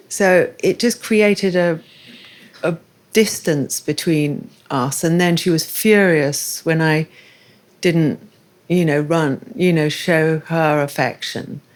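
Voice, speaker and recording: Low-voiced woman hosting an onstage conversation. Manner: candid, personal, thoughtful. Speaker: interviewer and show host. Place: live festival stage.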